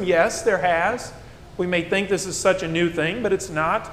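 A slightly high-voiced man delivers a sermon in a reverberant church hall, with a faint rumble underneath. He leans on rhetorical questions, dropping soft and low, then pushing up loud and emphatic. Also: a little slow. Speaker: pastor.

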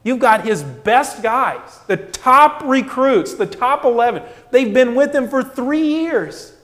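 High-voiced male preacher in a reverberant hall. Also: expressive, slow, a bit bright. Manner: emphatic, rhetorical questions, building intensity. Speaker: pastor. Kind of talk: sermon.

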